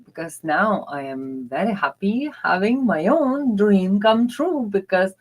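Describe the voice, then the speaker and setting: A woman's voice: mid-range voice, expressive, a little slow, low-quality recording. A woman dating mentor telling personal stories in earnest, confiding non-native English with broken grammar. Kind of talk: motivational personal storytelling.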